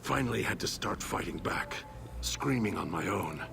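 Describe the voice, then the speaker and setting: An actor playing a bitter, hateful male super mutant alter ego in a video game, slow and seething, dropping into rasping whispers. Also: fairly low pitch, expressive. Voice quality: gravelly, slow and brooding. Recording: clear background noise in game audio.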